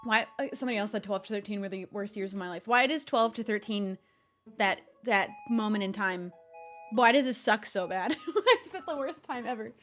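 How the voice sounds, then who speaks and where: A woman's voice: medium pitch, brisk, fairly bright tone, soft background music. A young adult woman streamer reading stories aloud and chatting with laughing asides.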